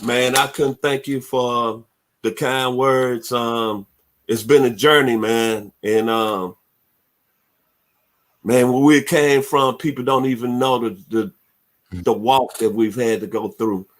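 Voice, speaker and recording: Man, sports radio host, heartfelt, shouts out his team, mid-pitched voice. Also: fairly even intonation, takes it slowly. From Memphis, Tennessee. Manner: heartfelt, preacher-like shout-outs. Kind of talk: casual sports radio talk.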